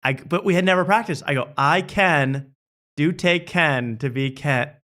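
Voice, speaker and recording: A man's voice: fairly high pitch, a little slow. A young adult man hosting, telling a self-mocking story in casual chat and acting out the people in it. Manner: animated, self-mocking, acts out quotes. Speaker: host.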